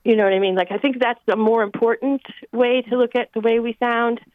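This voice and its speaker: A woman's voice: fairly high pitch, fairly even intonation, fairly quick. Woman rambling thoughtfully over a phone line. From Midwest. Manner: thoughtful, rambling with many fillers. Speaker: caller. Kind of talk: call-in radio chat. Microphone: telephone.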